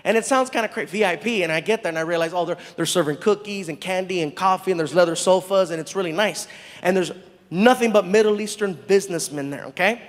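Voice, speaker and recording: High-voiced man doing animated stand-up. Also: fast, big-room sound. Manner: animated, acts out the people in his story. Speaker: stand-up comedian. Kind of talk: stand-up storytelling.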